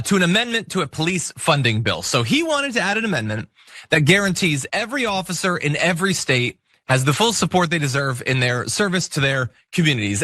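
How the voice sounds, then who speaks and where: A man's voice: on the high side, sharp tone, no room sound, studio quality. A man hosting a political commentary show, talking casually with wry asides.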